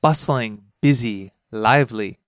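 A man's voice: unhurried, no echo, studio quality. A man hosting a casual language lesson, explaining words with an easy, joking manner. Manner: chatty, laughs easily, explains pitch accent.

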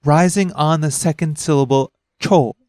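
Male lesson host, relaxed and chatty, dry studio read. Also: moderate pace, no room sound. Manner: chatty, laughs easily, explains pitch accent. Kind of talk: casual lesson podcast.

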